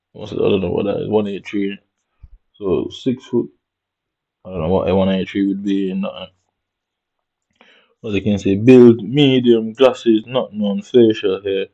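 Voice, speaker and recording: A Jamaican man with a Jamaican accent vlogs, muttering to himself and commenting casually on his screen with swearing and slang. His voice is fairly low, gravelly, and warm, captured in a dull lo-fi recording.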